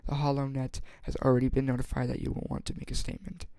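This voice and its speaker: A man reading aloud and voicing a stern middle-aged male leader who speaks firmly and a bit louder. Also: medium pitch, completely flat delivery, quick pace, clear, resonant tone, dry recording, natural voice.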